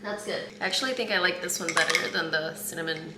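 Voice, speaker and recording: A woman's voice: lowish voice, fairly even intonation, fast. A young woman in her twenties chatting candidly in a casual vlog at home, laughing easily. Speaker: vlogger. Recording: echoey room with loud ambient noise.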